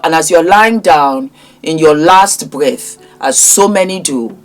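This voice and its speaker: A woman's voice: sits low, takes it slowly, faint music behind. A middle-aged woman, giving impassioned, preachy commentary as a vlogger and scolding a man directly. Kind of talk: impassioned social media commentary.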